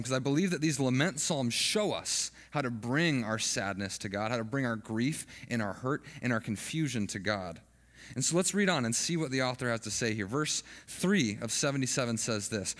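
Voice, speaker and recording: A man's voice: medium pitch, fairly bright tone, big-room sound. A man giving an earnest, conversational sermon as a pastor, often restarting his phrases.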